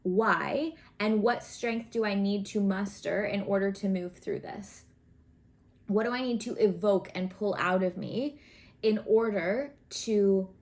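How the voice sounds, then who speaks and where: A woman giving a casual tarot reading to camera, chatty and earnest, often checking in with the listener. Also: medium pitch. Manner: chatty, earnest, frequent "right?" and "okay?" check-ins; encouraging, coaching tone. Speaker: tarot reader.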